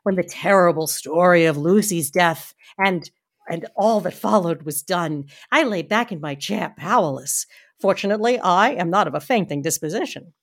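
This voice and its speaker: A woman's voice: on the low side, normal speed. Sarcastic woman reading aloud. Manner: sarcastic quips while reading. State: slightly drunk. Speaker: podcast co-host and reader. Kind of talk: casual reading with jokes.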